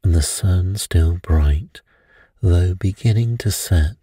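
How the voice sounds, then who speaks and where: A man narrating a bedtime detective story in a soft, measured, soothing way. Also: low-pitched, husky, no echo, studio quality.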